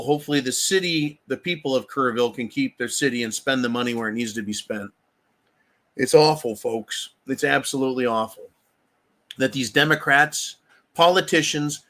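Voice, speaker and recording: On his livestream, a man with a fairly high, fairly bright voice goes on an angry tirade full of profanity. Again and again he addresses his audience as "folks."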